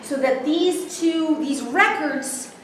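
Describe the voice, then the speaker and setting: This is a high-voiced woman who takes her time, speaking slowly. Her setting is a spiritual workshop before a live group, where she frequently checks for understanding. Expect heavy room echo, a distant pickup, and faint noise.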